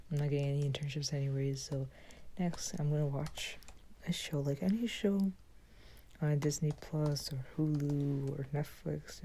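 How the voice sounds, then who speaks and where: A young woman with a low, gravelly voice talks casually through her routine for her channel. Her tone is mellow and dark, and she often slips into a whisper. A faint hiss sits behind her. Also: low-quality recording. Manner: chatty, drifting in and out of whispers. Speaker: vlogger. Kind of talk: casual chat.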